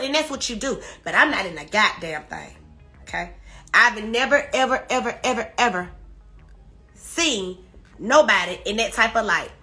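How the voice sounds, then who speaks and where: A woman pours out an emotional livestream rant while crying, her high voice bright and edged. She repeats emphatic, defensive denials again and again. Faint music plays behind her. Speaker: social media personality on a live stream.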